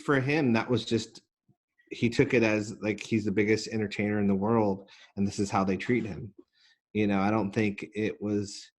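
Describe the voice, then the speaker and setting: A man speaking as an interview guest, earnest and a little halting, with many restarts and fillers. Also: fairly low pitch, a little mellow. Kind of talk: casual interview talk.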